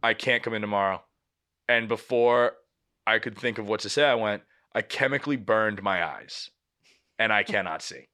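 A young man with a fairly low voice and moderate pace tells a story casually as a podcast co-host. He's an animated storyteller who swears freely and acts out what people said.

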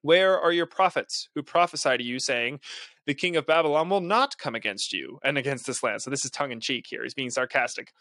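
A man's voice: mid-range voice, normal speed, sharp tone, no room sound, studio quality. A young man hosting a podcast, reading a Bible passage aloud and breaking off into earnest, casual commentary. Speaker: podcast host.

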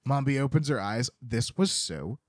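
A man's voice: mid-range voice, moderate pace, dry recording. A man co-hosting a podcast, retelling a film with swearing and acted-out quotes. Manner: expressive, swears, acts out quotes. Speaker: podcast co-host. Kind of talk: casual chat recapping a film.

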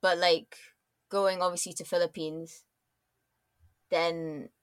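A woman's voice: on the low side, little pitch movement, slow, no echo. Chatty young Scottish woman, dry sound. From Scotland. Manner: chatty, rambling with many fillers and restarts. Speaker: podcast guest. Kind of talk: casual chat.

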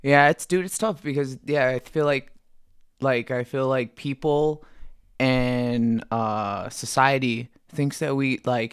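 Blunt fighter swearing in a dry room. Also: male voice, medium pitch, measured pace, clean tone, no room sound. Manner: blunt, swears often, earnest. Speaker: podcast guest, fighter. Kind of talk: casual podcast chat.

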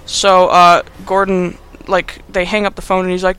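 A man's voice: sits high, completely flat delivery, a little fast, few pauses, a bit bright, clear, resonant tone, dry recording. A young man recapping a movie in a casual, rambling, sarcastic way, laughing as he talks. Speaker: podcast host.

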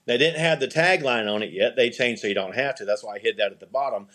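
Guest spot: man, slightly husky voice, casual rambling storyteller, restarts and chuckles. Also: medium pitch, fast talker, a bit bright. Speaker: podcast guest, eyewear company CEO.

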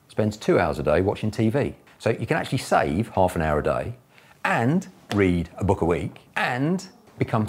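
A man's voice: sits low, darkish tone, breathy edge. A man, a business mentor, giving chatty, enthusiastic advice to camera. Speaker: property investor and business mentor.

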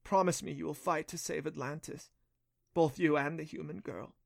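A dying female water spirit, read by a man, speaks softly and solemnly. Her voice is quiet and unhurried. It is a storybook voice. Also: fairly high pitch, steady tone, vocal fry, no echo, studio quality, voice pushed up. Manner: soft and solemn.

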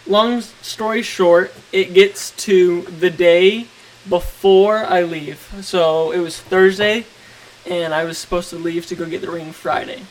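A young man in his twenties casually telling a story as podcast co-host, relaxed and rambling. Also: high voice, unhurried, rough recording. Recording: faint hiss.

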